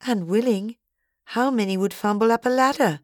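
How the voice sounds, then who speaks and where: A chatty, gossipy woman friend, as a female narrator puts her on, her voice lifted and lively. The recording is dry and close, with no room sound. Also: fairly high pitch, moderate pace, no echo, pitched above the performer's own voice, lightly acted. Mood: teasing.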